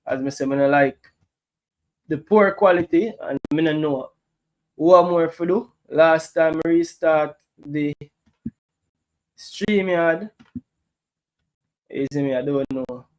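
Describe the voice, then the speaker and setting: A man's voice: on the high side, slow, pauses often, poor audio. A man with a Jamaican accent chatting casually on his live stream, often asking "you see me".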